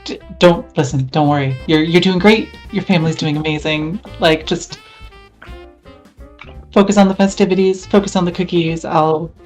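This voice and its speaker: A man voicing a reassuring, upbeat townsperson who offers to take care of everything, talking in quick, soothing encouragement. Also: on the high side, fairly even intonation, faint music behind, pitched above the performer's own voice, close to an everyday voice.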